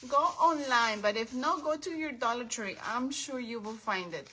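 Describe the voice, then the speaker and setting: A woman hosting a casual craft livestream from her home craft table, chatting warmly with viewers by name and calling them her friends. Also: a little high, moderate pace, a little hiss or hum, low-quality recording.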